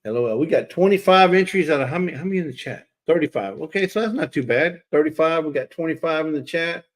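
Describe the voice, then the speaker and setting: A man hosts a casual livestream, talking straight to his chat and teasing viewers by name. His voice is fairly high, expressive and fast.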